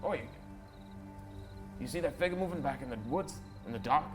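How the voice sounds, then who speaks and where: A man voicing a gruff, suspicious male merchant who blusters and shouts in alarm. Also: mid-range voice, normal speed, pitched above the performer's own voice, natural voice. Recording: background music under voices.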